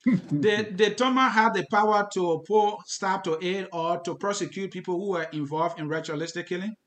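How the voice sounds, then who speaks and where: A man's voice: high-pitched, moderate pace, a bit bright, echoey room. A man co-hosting a heated debate, emphatic and firmly repeating his claims.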